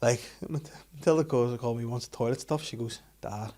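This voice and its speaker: A man's voice: medium pitch, a little fast, warm tone. Man, 30s, podcast host; casual, laughing storyteller. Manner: storytelling, laughs often, swears freely. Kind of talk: casual chat.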